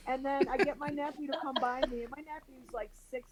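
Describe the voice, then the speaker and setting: A woman tells a story over a video call with a fairly high voice and a lot of animation. She acts out the people in it as she goes and laughs through parts of it. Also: fairly even intonation, a little fast, hardly any pauses, a crowd in the background, poor audio. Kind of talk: casual storytelling.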